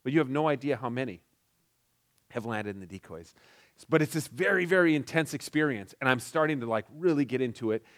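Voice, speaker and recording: A man's voice: mid-range voice, animated. Rambling middle-aged man telling a story. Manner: halting, many restarts and "like" fillers. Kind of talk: casual personal storytelling.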